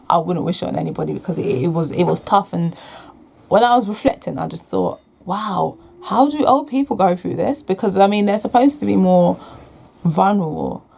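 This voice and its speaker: Frank young woman, gravelly and low. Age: young adult. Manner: frank and reflective, restarts often, soft sighs. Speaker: vlogger sharing her own experience. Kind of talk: candid talking-to-camera vlog.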